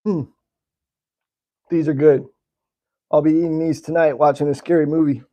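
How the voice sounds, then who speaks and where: Tasting candy on his live stream, the American host of a slingshot channel chats loosely with viewers and replies to their comments. He speaks at a normal speed in a dark, flat voice pitched on the high side.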